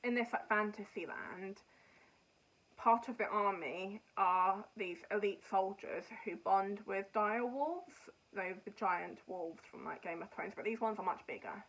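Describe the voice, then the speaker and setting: In an unhurried, mid-range voice with a fairly bright tone, a woman rambles on her knitting podcast, frankly reviewing books and TV she has finished. The recording quality is low.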